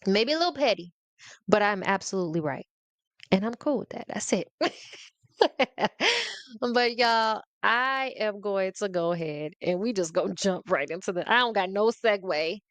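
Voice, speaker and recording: A woman with a mid-range, fairly bright voice hosts her own podcast, delivering a casual comedic rant straight to her audience. She's expressive and unhurried, sassy and playful, laughing often, with no echo on the recording.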